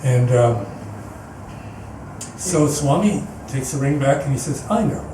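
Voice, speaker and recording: Taking it slowly at a medium pitch, a man guest-speaks at a spiritual center, earnestly rambling through a personal story and restarting sentences often. The indoor meeting hall echoes, the mic is distant, and background noise is present.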